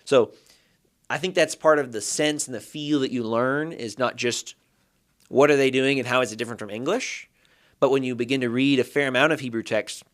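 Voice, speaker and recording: A man's voice: mid-range voice, fairly even intonation, a little fast. A man who teaches Hebrew, a guest on a podcast, explaining his ideas thoughtfully and building them up step by step. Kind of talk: explanatory interview talk.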